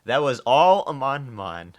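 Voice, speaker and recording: A man live-streaming, chatting casually with viewers, joking, swearing and often restarting his sentences. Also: medium pitch. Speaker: livestreamer reading chat.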